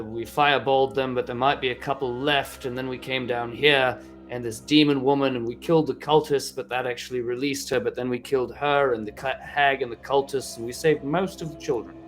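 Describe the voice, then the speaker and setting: A man's voice: medium pitch, steady tone, normal speed, faint music behind. Rambling man playing a tabletop game. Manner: rambling, joking. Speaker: player.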